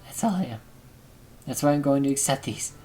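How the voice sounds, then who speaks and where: A shy, sad teenage girl from a visual novel speaks in a quiet, subdued way, as a man reads her lines aloud. Her words come out soft and fragile. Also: medium pitch, lively intonation, fairly quick, slight background noise, natural voice, poor audio. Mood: hurt, subdued. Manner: quiet, subdued, hurt reading. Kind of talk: reading game dialogue aloud.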